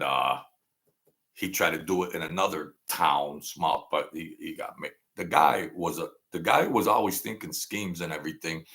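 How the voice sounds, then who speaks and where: A Brooklyn storyteller with a low, gravelly, sharp-toned voice rambles through a casual monologue as host. He acts out quoted lines and keeps repeating phrases.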